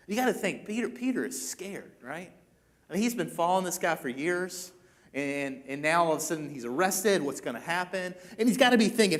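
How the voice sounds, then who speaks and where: A man with a high, light voice preaches a sermon in a church. He tells the story in a chatty way and jumps into animated voices for the people he quotes. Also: moderate pace. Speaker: pastor.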